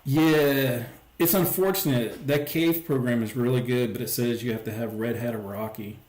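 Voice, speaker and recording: A man chats loosely to his livestream viewers, wandering through his thoughts with plenty of "like" and "um". His voice sits at an ordinary middle pitch. The sound carries a noticeable roomy echo from his home setup. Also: moderate pace, a little mellow. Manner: rambling, lots of "like" and "um". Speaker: livestream host. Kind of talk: casual livestream chat.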